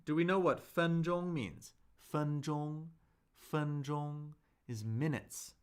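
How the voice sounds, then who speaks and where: A man hosting a live Chinese lesson, chatty and upbeat, reading viewer comments aloud and slowing down to model tones. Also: on the high side, clear, resonant tone. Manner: reads viewer comments aloud and answers them. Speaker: Chinese teacher and livestream host. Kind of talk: live-streamed language lesson reading chat.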